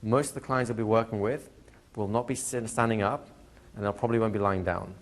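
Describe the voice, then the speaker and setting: A man teaching a hypnosis class to a live audience, talking in a relaxed way and slowing into soft hypnotic suggestions. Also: on the low side. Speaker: hypnosis trainer. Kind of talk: live training lecture. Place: training room with a seated audience.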